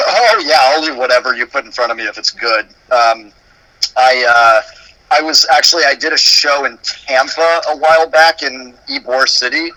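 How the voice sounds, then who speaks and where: Bright, playful man musician. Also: mid-range voice, moderate pace, poor audio. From Dallas. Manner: loose, playful, swears freely. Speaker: musician guest. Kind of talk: casual chat.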